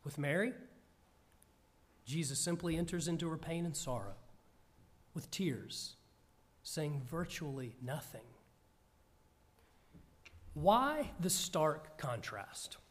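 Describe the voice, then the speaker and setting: Male preacher, earnest scripture reading, high voice, deliberate pace. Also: sing-song. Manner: slow, measured, earnest delivery.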